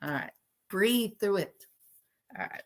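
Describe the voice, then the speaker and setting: A woman hosting a casual chat with her viewers, telling animated stories and laughing often. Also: medium pitch, slow. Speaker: host.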